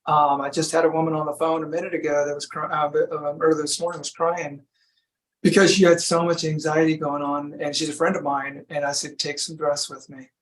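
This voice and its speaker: A man guest in a relaxed interview, talking about breath work in a laid-back, storytelling way. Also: a little high, fairly quick, poor audio. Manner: laid-back, storytelling, says "you know" often. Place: from Sacramento.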